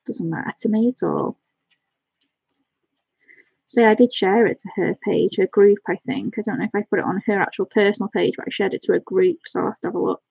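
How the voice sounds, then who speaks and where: A woman chatting excitedly on a live stream, gushing and thanking her viewers by name. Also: medium pitch, a little fast, creaky, husky, dry recording, muffled recording. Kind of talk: casual live-stream chat.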